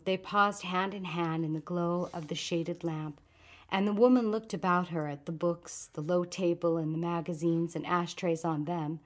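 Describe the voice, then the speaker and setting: Woman reading a literary short story. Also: on the low side. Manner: calm, measured storytelling. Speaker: narrator.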